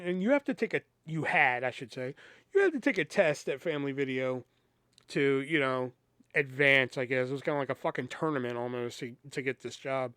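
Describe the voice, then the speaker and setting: A man's voice: fairly high pitch, no room sound, studio quality. A man hosting a podcast, telling a casual, profanity-laced story and acting out both sides of the conversations. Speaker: podcast host.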